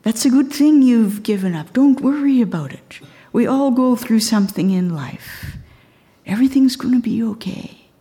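A woman's voice: on the high side, animated, moderate pace, dark tone, close to an everyday voice. A woman voicing a caring woman talking a frightened man down, in a soothing, reassuring tone.

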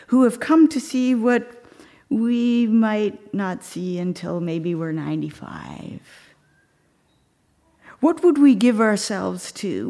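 Soft-spoken woman preaching slowly. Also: medium pitch. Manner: reflective, slows and drops to a near whisper at times. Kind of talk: sermon with storytelling.

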